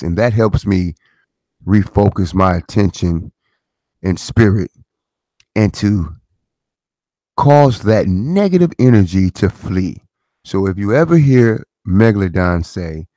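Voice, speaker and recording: A man's voice: deep voice, animated, unhurried, mellow, dry recording, clean studio sound. A middle-aged man hosting his own commentary channel, talking in a preachy way with rhetorical questions and repeated phrases. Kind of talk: casual commentary monologue.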